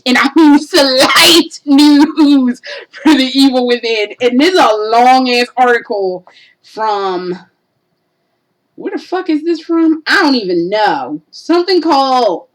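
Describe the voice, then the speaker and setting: A woman vlogger ranting in a blunt, profane, animated way. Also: high-pitched, low-quality recording. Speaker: gaming vlogger. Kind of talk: casual rant.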